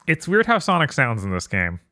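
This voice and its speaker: A man's voice: mid-range voice, huge pitch swings, fairly quick, sharp tone, no echo, studio quality. A man chatting casually about video games on a podcast, laid-back and amused. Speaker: podcast co-host. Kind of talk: casual gaming podcast chat.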